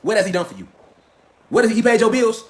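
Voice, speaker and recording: A man with a high voice rants in a profane, animated monologue. He mocks and jabs with rhetorical questions, his delivery heated and relentless. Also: fast talker. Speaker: host of a lecture channel.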